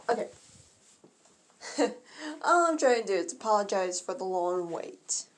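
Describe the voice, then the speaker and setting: Slow, halting woman reading fan fiction. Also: mid-range voice. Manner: halting, often stumbles and corrects herself mid-sentence. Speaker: fan story narrator. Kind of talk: casual first-person fan story reading.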